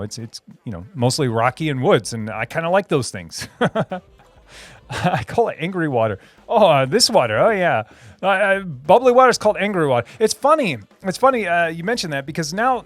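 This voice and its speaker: A man hosting a live stream, answering chat in a rambling, laughing way with many restarts and fillers. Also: medium pitch. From Minnesota.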